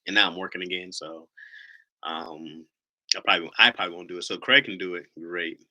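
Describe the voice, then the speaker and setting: A man's voice: low-pitched, brisk, bright, forceful tone. A man hosting a casual livestream, a rambling storyteller who laughs often. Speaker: livestream host.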